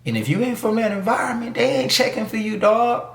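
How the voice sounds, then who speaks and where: A man's voice: very high-pitched, brisk, vocal fry, fairly bright tone, reverberant. A man giving a casual, emphatic opinion monologue, full of street slang and mocking asides. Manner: emphatic, slangy street talk with mock voices. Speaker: YouTube commentator.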